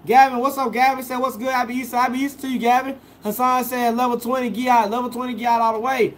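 A man's voice: very high-pitched, level tone, quick pace. A young man, a food vlogger, chatting casually on a live stream, reading viewer comments aloud and answering each one.

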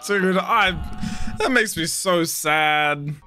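A young man hosting an anime reaction, talking emotionally and often shouting in excitement. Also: high voice, slow, soft background music.

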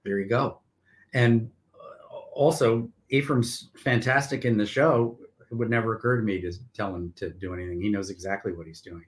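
An older man, a stage actor, telling stories in a measured, wry way during a casual video interview. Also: on the low side.

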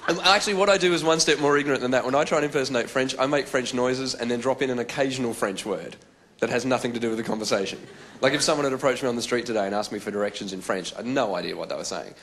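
A man's voice: mid-range voice, racing, fairly bright tone, a little hiss or hum. A man with an Australian accent doing stand-up comedy, chatty and self-mocking, on a live stage mic.

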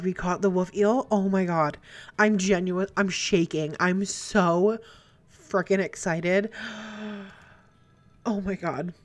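A young woman giving let's play commentary, chatty and prone to excited squeals and gasps. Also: lowish voice, slow pace, long pauses. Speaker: gaming YouTuber. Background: faint game music.

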